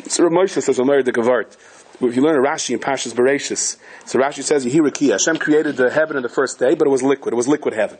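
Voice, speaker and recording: A man, a rabbi, giving a Torah lecture with animated storytelling, acting out the voices of the people he quotes. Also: mid-range voice, quick pace, husky. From Hasidic community in the United States.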